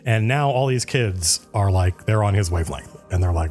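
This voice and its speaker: A man narrating as game master of a tabletop game, an animated storyteller who often laughs. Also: sits low, moderate pace, soft background music.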